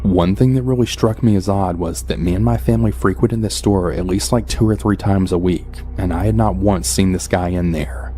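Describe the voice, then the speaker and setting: Deep-voiced man narrating a horror story. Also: normal speed, few pauses, slight background noise. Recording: soft background music.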